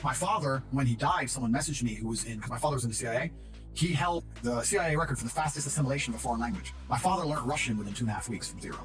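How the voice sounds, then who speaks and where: A man's voice: medium pitch, lively intonation, rapid-fire, fairly bright tone, soft background music. A man telling stories about his family in an interview, blunt and brash and swearing freely. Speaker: interviewee in archived clips. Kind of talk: storytelling interview talk.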